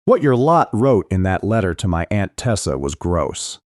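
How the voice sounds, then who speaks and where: A man's voice: sits low, very animated, normal speed, a little mellow, dry recording. A mocking teenage bully with a sneer in every line, put on by a man reading the book. The voice jumps around restlessly and sits close and dry, like a studio read. He taunts with lazy contempt. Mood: taunting.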